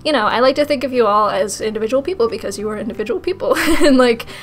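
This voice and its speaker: A young woman in casual Q&A vlog talk, playful and self-mocking, her voice a little rough today, talking close to the mic. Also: a little high, expressive, fast talker. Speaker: YouTuber answering fan questions.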